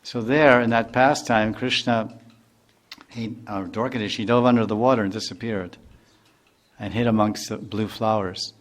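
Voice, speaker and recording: A man's voice: on the low side, fairly even intonation, normal speed. An older man, a spiritual teacher, giving a devotional lecture in a loose, conversational way with many asides and restarts.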